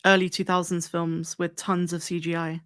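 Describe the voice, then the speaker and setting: A podcast guest speaking in a measured, informative way. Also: mid-range voice, level tone, fairly bright tone, clear, resonant tone. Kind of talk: casual chat.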